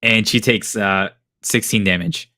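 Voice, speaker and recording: Slow-talking, bright-voiced game master man. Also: fairly low pitch, steady tone, no echo, clean studio sound. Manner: casual, hesitant, with many fillers and chuckles. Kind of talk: narrating a tabletop game.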